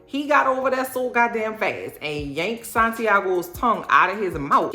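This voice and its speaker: A woman from New Orleans with a New Orleans accent, recapping a TV episode in a sassy, animated, chatty way. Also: mid-range voice, moderate pace, few pauses, echoey room, faint music behind. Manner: sassy, animated storytelling with playful impressions. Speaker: recap vlogger.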